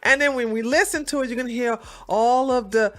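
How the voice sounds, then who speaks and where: Sassy, high-pitched woman commentator. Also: brisk. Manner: sassy, mocking, animated. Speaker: commentary host. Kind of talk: reaction commentary.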